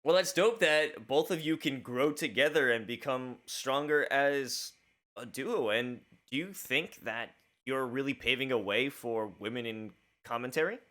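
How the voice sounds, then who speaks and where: A man's voice: medium pitch, a little slow, fairly bright tone. A man hosting a casual studio interview show, laid-back and joking, swearing offhandedly. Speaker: talk show host.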